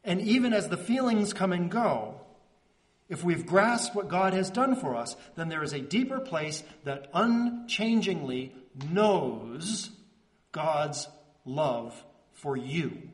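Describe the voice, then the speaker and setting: A man preaching a conversational sermon as pastor, earnest and checking in with the congregation, slowing into soft pauses on key words. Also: a little high, animated. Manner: earnest, checks in with "right?" and "okay?".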